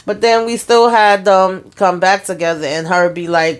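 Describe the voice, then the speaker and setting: A woman's voice: lowish voice, level tone, moderate pace, hardly any pauses. A woman hosting her own channel, chatting frankly as she recaps a TV episode and gives her opinion, retelling scenes with quoted lines. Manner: drawling informal speech, many fillers. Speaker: TV episode reviewer, channel host.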